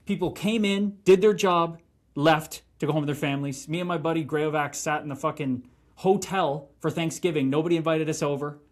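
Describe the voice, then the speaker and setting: Here a thirtysomething ex-pro hockey player sounds fairly high-pitched and brisk. He's in a relaxed podcast interview, telling animated stories laced with swearing.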